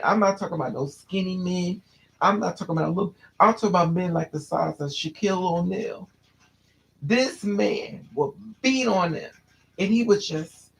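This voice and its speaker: A man's voice: sits high, creaky, poor audio. A man telling a personal story to a listener, candid and restless, often repeating and restarting his phrases.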